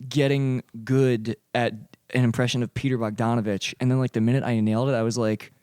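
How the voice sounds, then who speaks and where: A man's voice: mid-range voice, level tone, a little fast, a little mellow, clear, resonant tone, dry recording, clean studio sound. A man co-hosting a casual comedy podcast, riffing, laughing and slipping into mock impressions. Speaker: podcast co-host.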